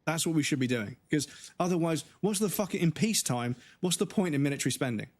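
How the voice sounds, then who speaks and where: A man in his forties, a livestream gamer ranting casually with anger and frequent swearing, his voice going hoarse. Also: on the high side, expressive. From United Kingdom. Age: 40s. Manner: angry, swearing, halting restarts.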